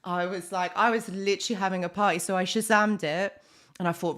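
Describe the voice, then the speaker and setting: A woman's voice: medium pitch, fairly even intonation, brisk, a bit bright. A young woman, a psychologist, chatting casually on a live stream and answering viewers, with plenty of fillers and restarts. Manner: chatty, many fillers and restarts, reads out comments.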